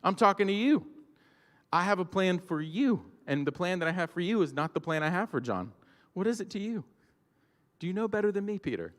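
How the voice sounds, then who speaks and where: A man's voice: high voice, big pitch swings, fairly quick, a bit bright, voice pushed up. A man doing Jesus, firm and pointed. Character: Jesus, firm and patient teacher. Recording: long church-hall reverb.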